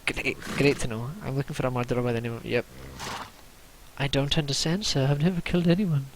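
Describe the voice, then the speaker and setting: A man's voice: mid-range voice, a little fast, noisy background. A young man giving chatty, casual commentary as he plays a video game at home, muttering to himself as he goes. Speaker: let's play gamer. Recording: game music loud behind.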